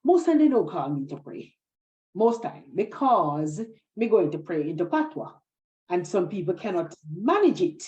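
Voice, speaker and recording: A woman with a Jamaican accent speaks in a low, mellow voice, talking animatedly and slipping into patois verse. The audio sounds dull and lo-fi, like a muffled call. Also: normal speed. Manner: animated, repeats "indeed" often. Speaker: guest poet. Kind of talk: conversational interview, recites poetry in patois.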